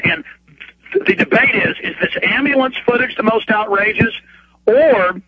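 A male radio host calls in and rants, his voice high and husky. He tumbles over his words, repeating himself and flaring into outrage. The phone line leaves the sound dull and thin. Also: no echo. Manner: fast, repetitive, stammering restarts, rising to bursts of outrage. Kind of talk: heated talk radio rant.

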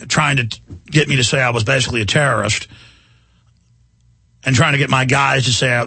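Man, talk radio host, forceful and indignant, dry studio sound. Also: mid-range voice, breathy edge, dry recording. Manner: rambling, emphatic, indignant.

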